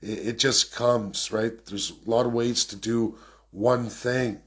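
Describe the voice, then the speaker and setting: A man giving an unscripted political rant as a vlogger, talking quickly and emphatically and repeating phrases for effect. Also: medium pitch, steady tone, fairly bright tone. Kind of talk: unscripted ranting monologue.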